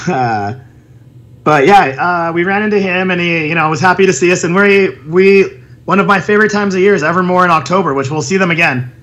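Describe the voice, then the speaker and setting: A man co-hosting a casual podcast, talking in a fairly high voice. He is animated and laughs often, and now and then he drops into silly impressions. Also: fairly quick. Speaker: podcast co-host. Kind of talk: casual chat.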